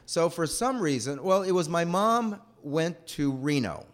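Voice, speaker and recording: A man telling a personal childhood story in a rambling, animated way. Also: a little high, unhurried. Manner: animated, rambling, acts out voices.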